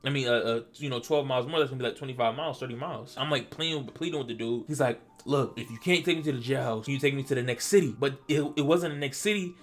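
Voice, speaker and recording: A man from Delaware telling a personal story in casual vlog style, animated and stammering, acting out what he said back then. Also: mid-range voice, fast talker, few pauses. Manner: animated, stammering, acts out his own past lines. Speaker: storytelling vlogger.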